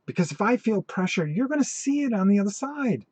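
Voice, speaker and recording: A middle-aged man hosting a tabletop gaming channel, telling stories in a rambling, animated way with many restarts during a live-stream chat. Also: high-pitched, fairly quick, slightly rough, dry recording.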